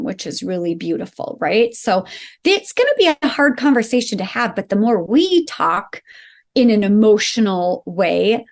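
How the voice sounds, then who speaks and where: An earnest woman with a slightly high voice explains emotional skills for parents in easy conversation. She often acts out little sample phrases as if talking to a child. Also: darkish tone. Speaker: psychologist guest.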